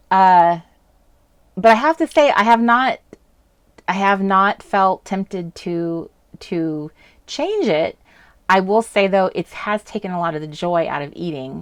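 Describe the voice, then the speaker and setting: A woman's voice: mid-range voice, clean tone, no room sound. Chatty woman who laughs often, dry sound. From US West Coast. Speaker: crafting live stream host. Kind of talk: casual live stream chat. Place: indoors at a home craft desk. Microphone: desk webcam setup.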